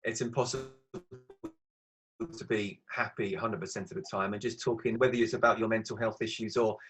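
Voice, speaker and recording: A man's voice: lowish voice, steady tone, fairly quick, a bit bright, poor audio. A man interviewing a guest, talking in a conversational, thoughtful way. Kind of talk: casual interview.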